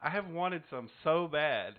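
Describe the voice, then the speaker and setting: A man's voice: fairly high pitch, animated, unhurried. A man co-hosting a casual chat show who animatedly ribs a friend while telling a story. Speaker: podcast co-host. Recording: slightly dull lo-fi audio.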